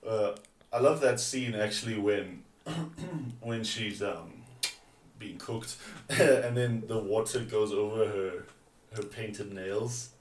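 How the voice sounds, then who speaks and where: A man's voice: fairly low pitch, takes it slowly, recorded from a distance. A man co-hosting a podcast, laid-back and slangy, laughing easily while discussing a film. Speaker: podcast co-host. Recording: echoey room, off-mic.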